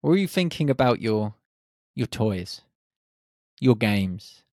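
A man hosting a reflective solo podcast, speaking in short, unhurried phrases. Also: medium pitch, big pitch swings, darkish tone, no room sound, studio quality. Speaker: podcast host.

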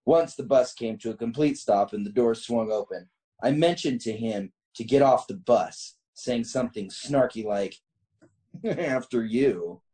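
A man's voice: medium pitch, normal speed, warm tone. A man hosting a casual talk show, reading a funny story aloud and often breaking into laughter. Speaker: host reading a listener story.

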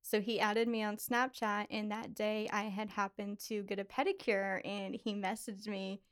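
Smooth-voiced chatty young woman. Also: medium pitch, level tone, normal speed. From Pittsburgh, USA. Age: 20s. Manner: chatty, heavy use of "like". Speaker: podcast guest. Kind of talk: casual interview chat.

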